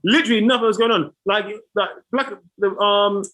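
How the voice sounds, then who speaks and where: Quick, high-voiced podcast host. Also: male voice, fairly bright tone. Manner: teasing banter. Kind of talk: casual podcast chat.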